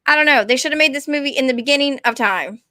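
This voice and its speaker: Gal streaming, rambly and animated, high bright voice, dry room. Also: female voice, fast talker, no echo. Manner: rambling, animated, talks to chat. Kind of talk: casual ranting chat to viewers.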